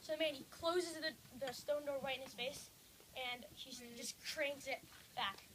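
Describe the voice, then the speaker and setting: High-voiced girl telling a rambling story. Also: moderate pace. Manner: rambling, lots of "like", excitable. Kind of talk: casual spoken storytelling. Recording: noisy recording with clicks.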